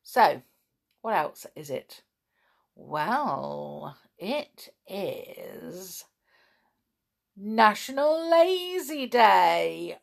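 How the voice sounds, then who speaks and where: A woman's voice: mid-range voice, sing-song, very slow, creaky, long pauses. A woman hosting a children's podcast, chatting playfully to young listeners with lots of exclamations.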